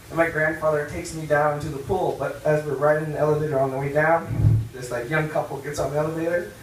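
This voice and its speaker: A man doing a stand-up comedy set in a bar, brash and profane, with loud punchlines. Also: on the high side, level tone, fast, slight background noise. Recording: roomy club sound from a distance.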